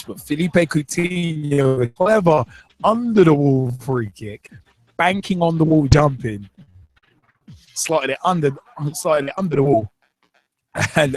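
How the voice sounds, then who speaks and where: A man hosting a casual football podcast, rambling and joking between results. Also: medium pitch. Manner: rambling, jokey, laughs at own asides. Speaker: podcast host. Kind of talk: casual football chat show.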